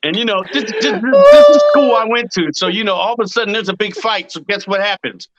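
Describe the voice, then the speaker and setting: A man in his thirties hosting a podcast, chatting casually and telling profane, animated stories. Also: high-pitched, a little fast, highs cut off, heavy background noise. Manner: profane storyteller, animated retelling. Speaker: podcast host. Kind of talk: casual chat.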